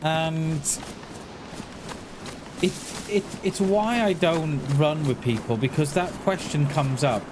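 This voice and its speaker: A man in his forties chatting casually on a gaming livestream, rambling and halting, often restarting his words and answering his viewers in a friendly way. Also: a little high. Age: 40s. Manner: talks back to chat in a friendly, reassuring way. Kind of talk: casual livestream chat while playing. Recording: noisy home stream recording.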